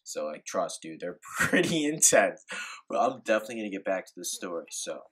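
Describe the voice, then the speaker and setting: A young man rambles through a casual vlog story, laid-back and heavy on filler words and swearing. His voice sits a little low and comes out husky, and he talks quickly. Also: big pitch swings, fairly bright tone. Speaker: vlogger.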